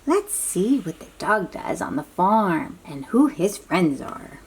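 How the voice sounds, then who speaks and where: A woman with a fairly low, slightly rough voice reads a picture book to young children at a slow pace, very animated yet gentle. She often drops to a soft whisper and asks the children questions along the way.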